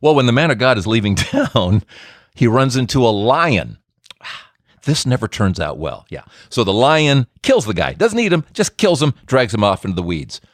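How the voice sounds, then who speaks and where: A man hosting a Catholic faith talk who tells stories in an animated, joking way. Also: medium pitch, moderate pace, no room sound, studio quality. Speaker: Catholic speaker and podcast host.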